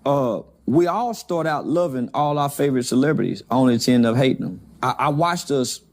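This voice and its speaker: A man's voice: mid-range voice, animated, a little fast, darkish tone. A man in his forties giving a candid interview, emphatic and often repeating words as he starts a thought. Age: 40s. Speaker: guest.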